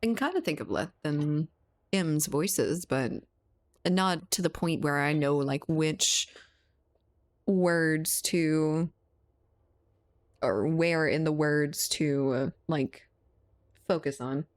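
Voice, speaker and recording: A woman's voice: low voice, slow pace, pauses often. A woman from Louisiana streaming, casually chatting with her viewers, laughing often and swearing now and then. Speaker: livestreamer reading chat. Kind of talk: casual chat.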